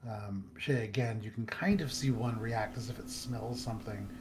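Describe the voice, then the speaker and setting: A man's voice: lowish voice, fairly even intonation, normal speed, noisy background. A man narrating a tabletop game as dungeon master, describing the scene with frequent ums and uhs. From United States.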